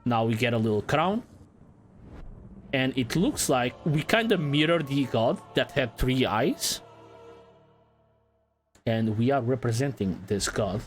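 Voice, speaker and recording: A man giving casual let's-play commentary in a relaxed, playful way, swearing now and then. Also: mid-range voice, measured pace, long pauses, soft background music. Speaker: gaming channel host.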